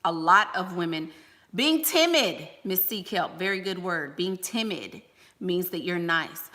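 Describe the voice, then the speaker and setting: A woman's voice: lowish voice, animated, unhurried, bright, forceful tone, in a large hall. A woman giving life-coaching advice on a livestream, blunt and emphatic, firing rhetorical questions.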